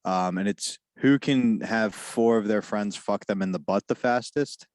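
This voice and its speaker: A man with a low voice co-hosts a comedy podcast and sets up crude bits in a deadpan tone. He is recorded dry and close to the mic. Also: unhurried, no room sound. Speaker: podcast co-host.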